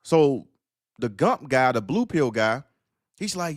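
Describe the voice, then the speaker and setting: A man's voice: medium pitch, sing-song, takes it slowly, no room sound, studio quality. A man on an online talk panel, ranting in a casual, emphatic and repetitive way and acting out the voices in his stories. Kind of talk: casual commentary rant.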